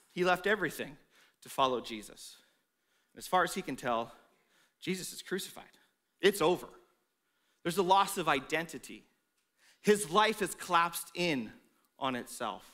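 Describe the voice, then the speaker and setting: A man preaching a sermon in a church, telling the story with animated delivery and acting out the voices of the people in it. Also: high-pitched. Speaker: pastor.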